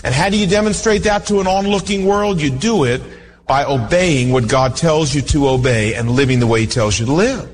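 A man preaching a sermon as pastor, earnest and animated, telling stories and acting out voices. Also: fairly high pitch, a little fast, soft background music. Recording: reverberant hall.

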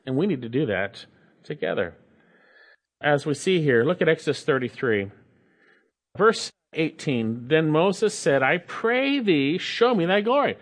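A man's voice: fairly high pitch, very animated, moderate pace. A man preaching a sermon, reading scripture aloud and repeating key phrases for emphasis.

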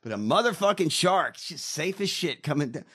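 Man, co-host, swearing rants, comedic banter, raised voice, somewhat high pitch. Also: big pitch swings, fairly quick, breathy edge. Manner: loud, ranting, swears constantly.

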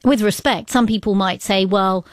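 Interviewer: woman, medium pitch, dry close sound, direct and probing. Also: normal speed, dry recording. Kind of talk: interview questions.

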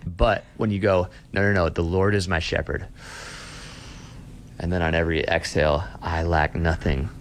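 Pastor, man, thirties, earnest, repeats himself, deep voice. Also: little pitch movement, normal speed, a little hiss or hum. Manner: earnest, repeats words when starting phrases. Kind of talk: conversational interview answers.

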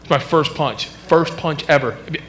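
A man telling a stand-up story in an animated, storytelling way. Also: a little high, normal speed. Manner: animated storytelling about a fight. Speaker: stand-up comedian.

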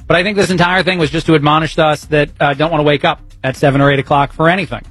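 A man's voice: on the high side, steady tone, rapid-fire, fairly bright tone, breathy edge, soft background music. A man filling in as a radio talk host, rambling casually and poking fun at himself. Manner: chatty, rambling, self-mocking, laughs at his own jokes. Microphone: studio broadcast microphone.

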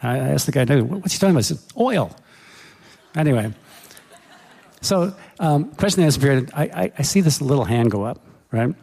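A middle-aged male author telling a humorous story in a rambling, self-correcting way, with a gravelly voice. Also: medium pitch, lively intonation, normal speed, long pauses, a little mellow. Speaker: author guest. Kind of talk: storytelling interview talk. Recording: hall reverb.

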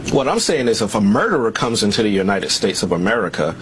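A man argues his point insistently in a broadcast interview. His pitch moves a lot as he presses on, and faint noise sits under the clip. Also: very animated, fast.

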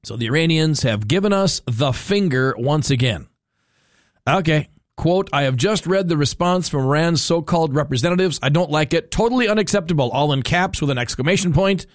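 A man with a somewhat high voice delivers an opinionated talk radio monologue. He sounds exasperated and incredulous, often restarting his sentences as he argues. The sound is dry, with no room echo. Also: expressive, fairly quick.

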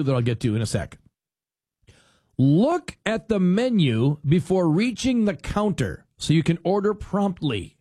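A man's voice: on the high side, husky, no room sound, studio quality. A man hosting a talk show, chatting casually and rambling a bit as he tells stories and acts out what people say. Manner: animated storyteller who acts out quotes; rambling with restarts.

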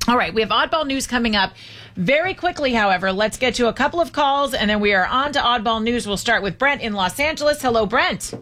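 Woman, talk radio host, upbeat, slightly high, bright tone, faint music bed. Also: animated, a little fast.

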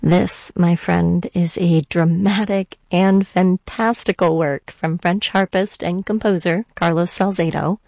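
Gravelly-voiced woman hosting classical radio. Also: lowish voice, fairly even intonation, measured pace, hardly any pauses, darkish tone, no echo. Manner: conversational, storytelling delivery. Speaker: classical music radio host. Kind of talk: scripted radio program introduction.

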